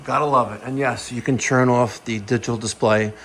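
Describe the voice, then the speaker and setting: A man's voice: medium pitch, fairly even intonation, brisk, fairly bright tone, slight background noise. A man hosting an HVAC job-site vlog, talking in a salesy, infomercial-style patter about the system he just installed. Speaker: HVAC contractor and show host. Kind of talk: casual on-the-job vlog talk.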